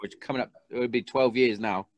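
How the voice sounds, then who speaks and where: A man's voice: medium pitch, steady tone, quick pace, no room sound, dull audio. A man hosting a podcast in casual, laddish chat, swearing and laughing easily. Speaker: podcast host.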